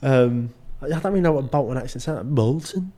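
A man's voice: mid-range voice, quick pace, warm tone. A young English man co-hosting a podcast in casual chat, joking around and often slipping into mock accents. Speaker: podcast co-host.

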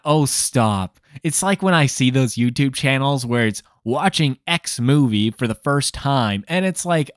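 A man's voice: medium pitch, no echo. Sardonic man telling a story, dry sound. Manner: sardonic, exasperated asides. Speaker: film review host. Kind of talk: casual storytelling review.

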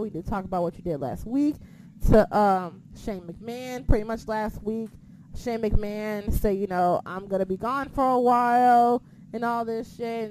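A woman co-hosting a casual chat, excitable and swearing freely, sometimes losing her train of thought. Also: fairly high pitch, slight background noise. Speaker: podcast co-host.

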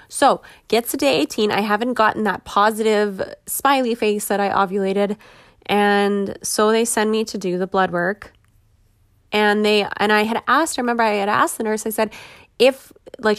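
Candid and chatty, a thirtysomething woman hosting a podcast talks through a personal monologue, laughing frequently while clearly frustrated. Her mid-range voice comes through clean studio sound with no echo.

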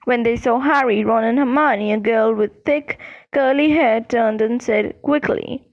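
Slow, high-voiced woman reading a story. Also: highs cut off. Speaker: audiobook narrator. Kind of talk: storybook narration.

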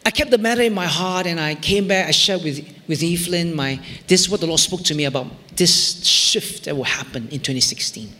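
High, bright-voiced pastor in a hall. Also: male voice, fairly quick, few pauses. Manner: emotional storytelling, rising to near shouts in retold prayers, dropping to whispers. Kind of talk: sermon.

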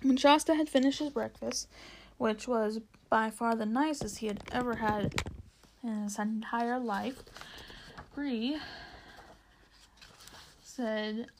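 A woman's voice: on the high side, slow pace, pauses often, slight background noise, rough recording. Woman reading a storybook aloud. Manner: steady reading with occasional restarts. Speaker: reader. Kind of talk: reading a children's novel aloud.

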